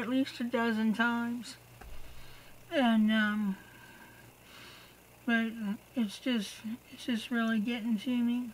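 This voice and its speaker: An exhausted woman giving a personal video update to her viewers, halting and trailing off mid-sentence. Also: fairly high pitch, low-quality recording. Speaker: vlogger.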